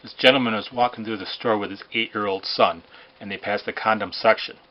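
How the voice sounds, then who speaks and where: A man telling jokes in a rambling way, with restarts and hesitant pauses. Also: on the low side, steady tone. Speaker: joke teller. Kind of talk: amateur joke telling. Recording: dull lo-fi recording.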